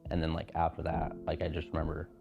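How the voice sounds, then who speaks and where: A man of twenty telling his story in a documentary interview, halting and full of filler words. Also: extremely low pitch, completely flat delivery, vocal fry. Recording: dull lo-fi sound with music.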